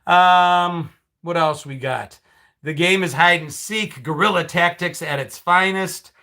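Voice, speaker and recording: Bright high-voiced chatty male host. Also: a little slow. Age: middle-aged. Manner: chatty, sarcastic asides, frequent restarts. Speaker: livestream host. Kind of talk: casual chat reading live comments.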